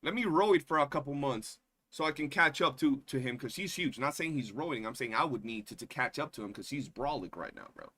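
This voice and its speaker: A young man streams casual reaction chat about drama, ranting in slangy, profane language and mocking the people he discusses. His mid-range voice is sharp, fairly quick, and lively in intonation.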